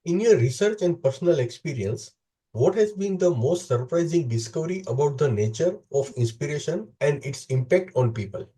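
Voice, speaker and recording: A man hosting a podcast, asking formal, polite interview questions in a measured way. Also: on the high side, expressive, mellow, husky. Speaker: podcast host.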